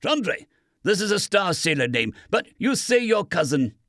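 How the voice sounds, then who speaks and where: A captive doctor with a thick German accent, put on by a man, calm and formal in a stilted way. His voice sits higher than the narration and moves a lot. The sound is dry and close, like an audiobook booth. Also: normal speed, no echo.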